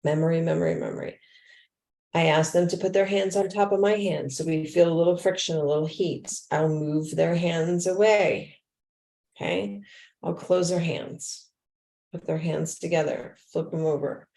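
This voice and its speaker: An adaptive yoga teacher chats casually with fellow teachers, acting out the way she talks to her students and sometimes dropping to a whisper. Her voice is low-pitched and warm, with fairly even intonation at a normal pace, and the room sounds echoey.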